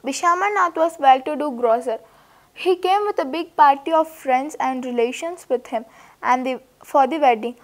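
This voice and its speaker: A woman teacher, reading a story and paraphrasing it with hesitant restarts. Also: high-pitched. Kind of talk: reading and explaining a story lesson.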